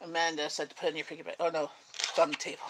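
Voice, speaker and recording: Low-voiced easygoing woman host. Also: level tone, rapid-fire, noisy background. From Canada. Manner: easygoing, gently giving directions. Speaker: host of a livestream chat. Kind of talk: casual chat.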